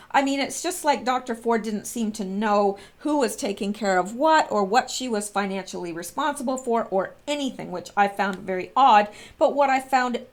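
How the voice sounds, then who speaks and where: A woman vlogger talking casually and earnestly to her viewers, with frequent fillers and restarts. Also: mid-range voice. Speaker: vlogger commenting on politics. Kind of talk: casual spoken commentary to viewers.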